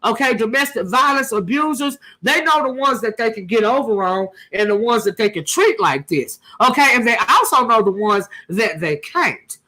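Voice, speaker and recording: Bright, forceful woman gossip host. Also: fairly high pitch, expressive, moderate pace, few pauses. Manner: sassy, emphatic, rhetorical questions to viewers. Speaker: commentary channel host. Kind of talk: casual gossip commentary.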